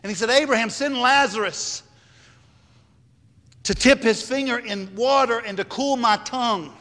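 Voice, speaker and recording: A man delivers a sermon with a high-pitched voice, pressing each point and circling back on his phrases. His words ring out with the long reverb of a large hall. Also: moderate pace, sharp tone. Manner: emphatic, repeats phrases. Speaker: preacher.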